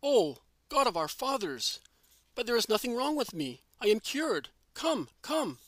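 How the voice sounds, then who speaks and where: A man's voice: very high-pitched, big pitch swings, a little slow, a bit bright, dry recording, voice pushed up, full character voice. A man voicing a frail, grudging old woman in a read-aloud religious story, crying out shrilly after being cured. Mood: overjoyed. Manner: cries out shrilly once cured.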